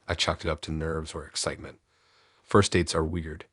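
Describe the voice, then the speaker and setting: A man narrating a first-person horror story in a low, measured, ominous storytelling voice. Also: flat delivery, a bit bright, husky, no room sound, clean studio sound.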